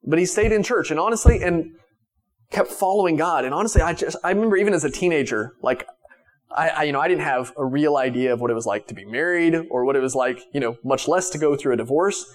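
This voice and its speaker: Conversational preaching man, slightly high voice. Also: quick pace. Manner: conversational preaching with restarts and fillers; swings from raised emphatic lines to quiet soft ones. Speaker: pastor. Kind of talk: sermon.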